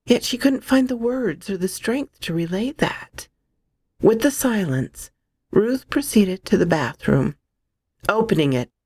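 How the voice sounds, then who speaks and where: Expressive woman reading a horror story. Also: lowish voice, breathy edge, no room sound. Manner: expressive, dramatic.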